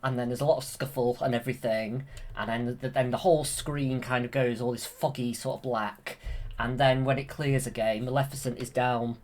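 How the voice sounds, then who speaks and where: A man's voice: medium pitch, steady tone, moderate pace. A man eagerly retelling a film from memory, rambling with many ums and restarts, recorded on a handheld camera. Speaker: YouTube creator.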